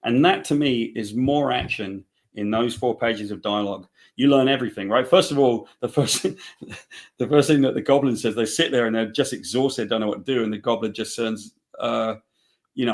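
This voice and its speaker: A man's voice: mid-range voice, moderate pace. A man, a comic book writer, talking casually in an interview, rambling and restarting his sentences as he tells stories. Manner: rambling, restarts often, acts out quoted dialogue.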